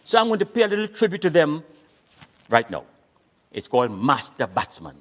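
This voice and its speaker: Older man, comic storyteller; lively, somewhat high voice, playful, rhythmic delivery. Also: moderate pace, pauses often. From Caribbean. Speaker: storyteller performing at a graduation. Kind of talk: comic storytelling and dialect poetry performance.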